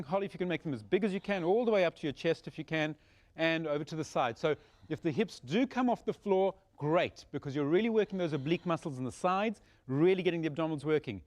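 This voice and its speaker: Male Pilates instructor with a fairly high voice, calm breath-by-breath cueing, encouraging. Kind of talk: guided exercise instruction.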